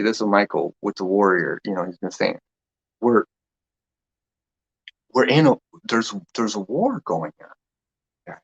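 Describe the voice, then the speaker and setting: A man's voice: on the low side, lo-fi sound. A man hosting a casual spiritual talk session. He rambles and meanders, laughs often, and trails off mid-thought.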